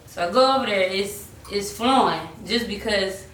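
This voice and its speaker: A woman's voice: fairly high pitch, measured pace. A young woman casually telling a story about her music career, acting out quotes and slipping into bits of song. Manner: animated, acts out quotes and slips into singing. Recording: roomy sound from a distant mic, faint hiss.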